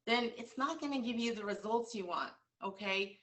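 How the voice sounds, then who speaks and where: A woman's voice: a little high, moderate pace, a bit bright, distant mic. Earnest female team leader giving a motivational pep talk, set back from the mic. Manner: earnest, repetitive, many fillers. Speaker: team leader coaching sales agents.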